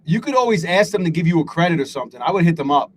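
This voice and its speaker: Talking rapid-fire in a slightly high, expressive voice, this man runs a live trading stream with a little background noise behind him. He rambles profanely, criticizes himself, and reads out the names of people in chat.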